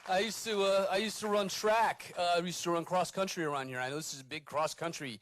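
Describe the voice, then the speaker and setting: A middle-aged man from Texas hosts an awards night, making up his speech as he goes, with plenty of fillers and jokes at his own expense. His voice sits a little high for a man. The sound is close and dry. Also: steady tone, brisk, fairly bright tone, no room sound. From Corpus Christi, Texas. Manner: rambling, self-deprecating, lots of uh fillers. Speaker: awards ceremony host. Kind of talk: unscripted ceremony speech. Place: awards ceremony venue.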